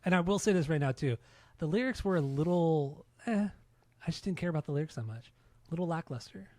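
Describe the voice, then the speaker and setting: A man's voice: a little high, lively intonation, quick pace, mellow, dry recording. A man co-hosting a casual music podcast, talking in an easygoing, hedging way with many fillers. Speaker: podcast co-host.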